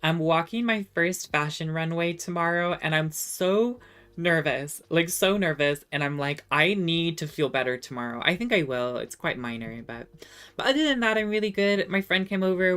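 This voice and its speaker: Low-voiced woman streamer chatting. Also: a bit bright, clean tone. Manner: chatty and self-deprecating, halting in French. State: slightly under the weather. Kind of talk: casual chat with viewers.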